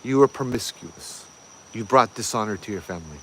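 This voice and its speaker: A man with a Hawaiian Pidgin accent, casually telling ghost legends with lively, laughing asides. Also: fairly low pitch, a little fast, slight background noise. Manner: animated, laughing, pidgin phrasing. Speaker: ghost story host. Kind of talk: casual storytelling.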